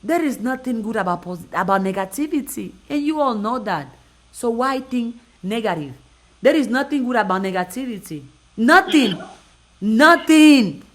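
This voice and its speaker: A woman's voice: on the high side, expressive, brisk. A woman motivational speaker talking on a live stream, driving her points home with emphatic, repeated phrases.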